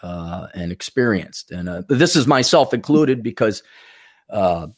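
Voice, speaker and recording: A man's voice: lowish voice, lively intonation, a little slow. A man hosting a casual talk show on a video call, rambling loosely with lots of fillers and restarts. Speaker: podcast host. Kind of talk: casual chat.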